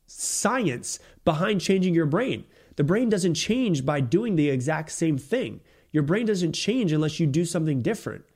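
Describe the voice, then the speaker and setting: A man with a somewhat high-pitched voice delivers a solo motivational podcast. He speaks bluntly and emphatically, circles back to drive his points home, and drops casual curses along the way. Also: a little mellow. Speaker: podcast host.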